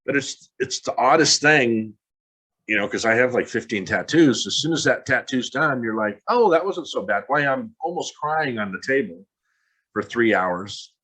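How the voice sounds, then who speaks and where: A man's voice: mid-range voice, lively intonation, moderate pace, bright, forceful tone, slightly rough, poor audio. A man in his fifties giving an earnest, candid motivational talk with a self-deprecating touch. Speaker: motivational speaker.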